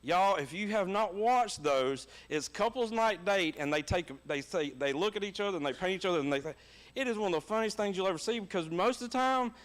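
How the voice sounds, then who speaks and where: A middle-aged man with a Southern American accent, preaching a sermon and telling funny personal stories in a folksy, animated way. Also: high voice, fairly quick. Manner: folksy and animated, laughing at his own stories. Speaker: pastor. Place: church.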